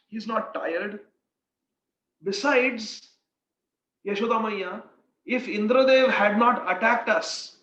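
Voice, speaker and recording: A man voicing a cheeky, boastful young boy who teases and jokes with excitement. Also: sits high. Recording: echoey room, dull lo-fi sound.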